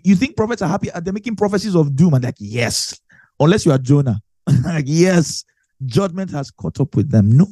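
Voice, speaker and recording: A man delivers a Bible teaching with a slightly husky, mellow voice that sits fairly high for a man. He is emphatic and lively, repeating key lines again and again to drive them home. The sound is close and dry. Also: dry recording. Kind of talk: sermon teaching.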